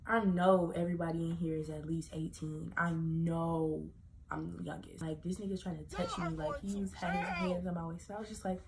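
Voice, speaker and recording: A young woman vlogger telling a casual storytime, animated and profane, full of "like" fillers. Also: lowish voice, a little fast, crowd noise.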